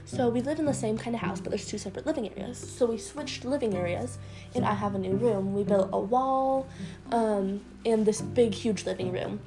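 A woman's voice: mid-range voice, moderate pace, poor audio. A young woman chatting casually at home, giggly and meandering, with lots of ums. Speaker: vlogger. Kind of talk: casual rambling chat. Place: bedroom at home. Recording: music playing behind.

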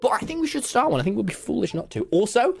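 Animated young male livestreamer. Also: sits high, fast talker, vocal fry, husky, faint music behind. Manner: excitable, swears freely, rambling asides. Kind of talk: casual chat.

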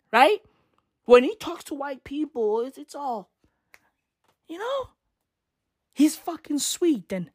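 A woman's voice: sits high, dry recording, clean studio sound. A young woman, ranting in slangy, profane commentary and repeating tag questions. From South Africa. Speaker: vlogger.

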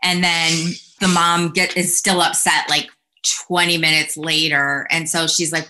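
A woman's voice: sits low, level tone, unhurried, sharp tone. A woman guesting on a podcast, chatting casually and telling jokes animatedly, acting out the voices. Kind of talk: casual interview chat. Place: home room.

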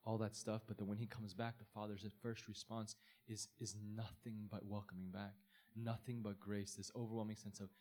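A man's voice: on the low side, flat delivery, normal speed, dark tone. A man, a pastor, giving an informal, earnest sermon in a conversational way, often restarting his sentences.

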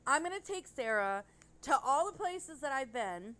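A woman's voice: high voice, very animated, normal speed, a bit bright. A woman co-hosting a casual podcast chat, rambling and gushing, with casual swearing. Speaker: podcast co-host.

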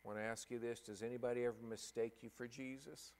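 A middle-aged man preaching a sermon and telling a personal story, halting and emotional, with many restarts. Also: medium pitch, little pitch movement, a little mellow.

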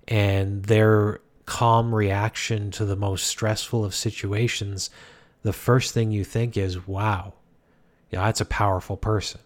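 A man talking calmly through life advice in a casual, rambling way, often restarting his sentences. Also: on the low side. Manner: calm, rambling, many restarts. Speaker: speaker giving life advice. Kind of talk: casual self-help talk.

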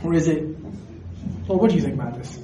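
A man preaching a sermon, animated and questioning his audience directly. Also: a little high, fast, background noise. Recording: echoey hall recorded from a distance.

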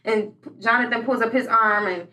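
A woman chatting casually with her siblings, telling family stories in an animated way and acting out what people said. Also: fairly high pitch, moderate pace, reverberant, recorded from a distance, a little hiss or hum. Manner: animated storyteller acting out quotes.

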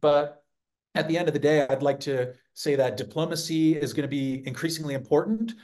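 A man speaking as a guest on a podcast, in a measured and reflective way. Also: a little high, a little mellow. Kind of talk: casual podcast conversation.

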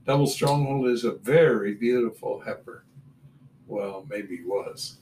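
A man's voice: fairly low pitch, a little slow, darkish tone. A man reading Bible verses aloud and adding blunt comments between them. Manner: reads verses then adds blunt asides. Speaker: Bible teacher. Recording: roomy, distant mic with faint room noise.

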